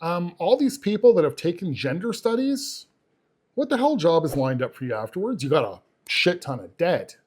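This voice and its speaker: Guy doing scornful reaction commentary on his channel, kinda high voice, punchy. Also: darkish tone, breathy edge. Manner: scornful, emphatic.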